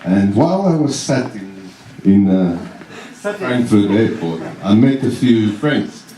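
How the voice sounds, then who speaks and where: A young man giving a best man's wedding speech, halting and self-deprecating, chuckling along with his own jokes. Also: lowish voice, expressive, warm tone, a little hiss or hum. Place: wedding reception room. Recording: roomy echo, mic at a distance.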